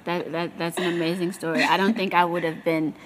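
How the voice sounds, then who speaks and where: A woman's voice: lowish voice, steady tone, a little fast, a little hiss or hum. A woman hosting a church interview, responsive and affirming, asking follow-up questions. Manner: responsive, frequent short affirmations. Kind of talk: conversational interview.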